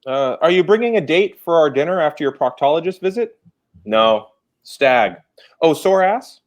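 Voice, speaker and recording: A man telling puns on a video call in drawn-out question-and-answer setups. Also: on the high side, expressive. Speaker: comedy guest.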